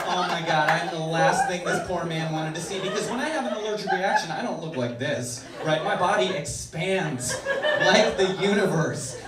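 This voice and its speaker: A man from Washington DC doing a stand-up comedy set, telling animated stories and acting out little voices. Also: high-pitched. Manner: animated storytelling with acted-out voices. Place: comedy club stage before a laughing audience. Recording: echoey room, loud background noise, from far off.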